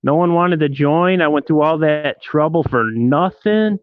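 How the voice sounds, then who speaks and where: Slow-talking man on a tinny live stream. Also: a little high, smooth, dry recording. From Detroit. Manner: joking, rambling, teasing viewers. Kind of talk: casual live-stream chat. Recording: tinny phone-like sound, dry.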